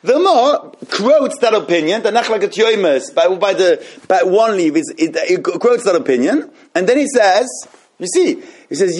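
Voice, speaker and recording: Higher-voiced man teaching a text class. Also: very animated, a little mellow, husky. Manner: explains texts slowly with many restarts and repeated phrases. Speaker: Torah teacher. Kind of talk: halachic class with questions.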